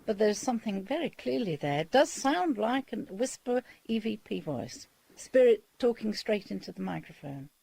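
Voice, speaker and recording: A woman's voice: medium pitch, big pitch swings, normal speed, vocal fry, dark tone, breathy edge, dry recording. A woman researching electronic voice phenomena, speaking earnestly in an interview about her experiences. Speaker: EVP researcher. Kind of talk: interview testimony.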